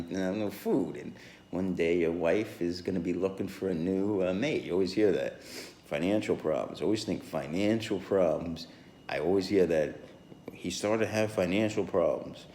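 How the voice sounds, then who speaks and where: A man's voice: low-pitched, dark tone, echoey room, a little hiss or hum. A man rambling through a solo podcast monologue, full of fillers and restarts, with chuckles along the way.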